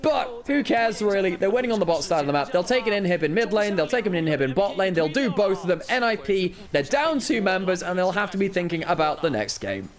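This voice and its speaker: High, lively esports caster over crowd. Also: male voice, fairly quick, hardly any pauses. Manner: excitable, jokey, swings between shouts and mutters. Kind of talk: play-by-play commentary.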